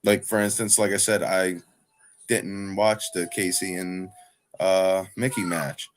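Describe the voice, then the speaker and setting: A man's voice: sits low, little pitch movement, a little slow, slight background noise. A man who wrestles for a living, chatting casually as a guest, talking with a slight lisp and rambling full of "like". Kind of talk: casual chat.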